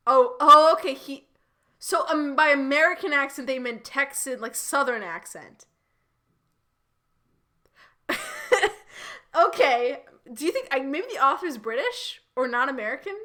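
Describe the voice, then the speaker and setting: A woman's voice: sits high, expressive, measured pace, long pauses, pushed and bright. A woman streamer reading fanfiction aloud live and chatting through it, laughing and stumbling over restarts.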